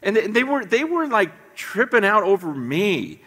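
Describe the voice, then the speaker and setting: High, bright-voiced preacher in an echoey hall. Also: male voice, normal speed, breathy edge. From United States. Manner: animated, repeats words while telling stories. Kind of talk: sermon storytelling. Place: church sanctuary.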